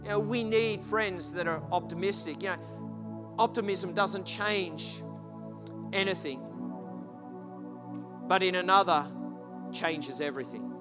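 A man preaching a sermon, telling a story with lively, animated delivery and shouting at the peaks. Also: high voice, takes it slowly, pauses often. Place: church hall. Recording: long hall reverb, faint music behind.

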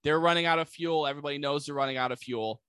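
A man casually recapping a movie plot, animated and full of "like" fillers, jumping into quick voices for the characters. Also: a little high, clear, resonant tone, no echo. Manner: many "like" fillers.

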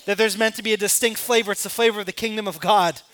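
High-voiced, bright, impassioned male preacher. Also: fairly even intonation, quick pace. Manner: impassioned preaching, rising to emphatic peaks and dropping to quiet asides. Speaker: pastor. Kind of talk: sermon.

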